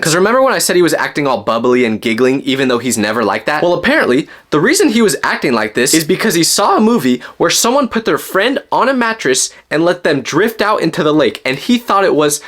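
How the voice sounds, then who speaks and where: A young man tells a personal story to his audience in a casual, joking way. His pitch swings widely as he goes, and he breaks into loud, high outbursts whenever he acts out his own lines. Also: fast talker, few pauses. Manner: animated, jokey, with sudden loud outbursts in quoted lines.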